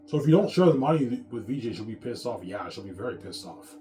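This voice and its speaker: A man's voice: medium pitch, big pitch swings, fast, dark tone. A man in a rambling, repetitive monologue, boastful and profane, talking straight to his audience. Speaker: vlogger. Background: music.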